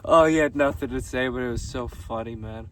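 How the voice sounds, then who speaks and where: A man vlogging outdoors on a gravel road, casually recapping his day with frequent laughter and easy swearing. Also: medium pitch, brisk, a bit bright. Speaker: vlogger dressed as a jester. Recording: distant mic with faint outdoor noise.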